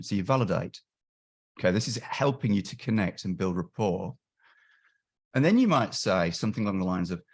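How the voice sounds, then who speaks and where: A man on a webinar video call, explaining his years of crisis line volunteering, with frequent restarts and quick acted-out quotes of callers and helpers. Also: fairly low pitch, expressive. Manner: frequent restarts and self-corrections. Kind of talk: webinar discussion.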